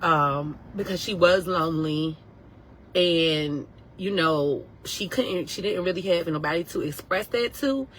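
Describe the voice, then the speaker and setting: A woman in her thirties, a nurse, telling a personal story casually to viewers, animated and emotional, acting out what others said. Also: lowish voice, a little slow, a little hiss or hum, rough recording. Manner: animated, emotional, acts out quotes.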